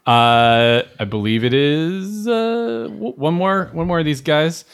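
A man running a tabletop game as game master, narrating in a casual, halting way with many fillers. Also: fairly high pitch, expressive, gravelly, clean tone.

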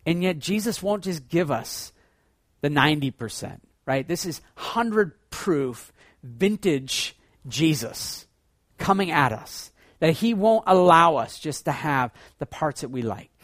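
A man preaching a sermon as pastor, swinging between loud excited bursts and hushed low passages. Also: unhurried, no room sound, studio quality.

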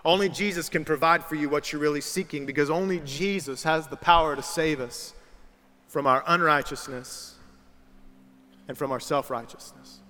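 A young adult man preaching a sermon in a large church, telling stories in a relaxed, conversational way and putting on the voices of the people he quotes. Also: on the high side, normal speed, slight background noise. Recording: reverberant hall with music underneath.

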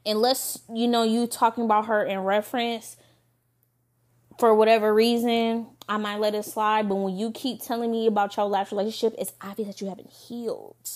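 A young woman hosting a podcast, telling a dating story in a candid, profane, casual way with quick asides. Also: medium pitch, little pitch movement, a little mellow. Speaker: podcast host.

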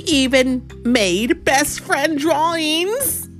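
Lady doing a lovey-dovey little bat from a picture book, super slow and high. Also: animated, soft background music, heavily acted. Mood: dreamy. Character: happy, affectionate male bat.

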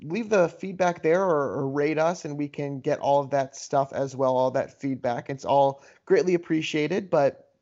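A man's voice: fairly high pitch, warm tone. A man co-hosting a casual podcast, laid-back and joking with his co-host. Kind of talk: casual chat. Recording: dull lo-fi podcast audio.

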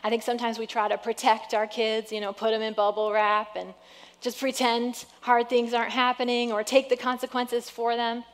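A woman pastor preaching a sermon in a lively, conversational way. She mixes encouragement with self-deprecating humor, and her voice sits a little on the high side. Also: normal speed, long reverb tail.

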